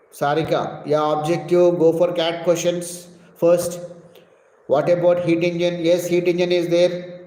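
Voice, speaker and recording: A man's voice: on the high side, a little mellow. Man teacher with a Telugu accent, echoey room. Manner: reads viewer questions aloud and answers them. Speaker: physics teacher. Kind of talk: live-stream Q&A. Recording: echoey room with long reverb.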